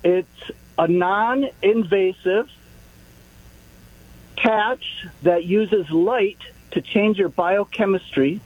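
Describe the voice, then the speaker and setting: A male radio caller with a high, husky voice, joking in a quick, matter-of-fact way. He comes through a dry, dull, muffled phone line. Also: no room sound. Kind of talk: call-in talk radio.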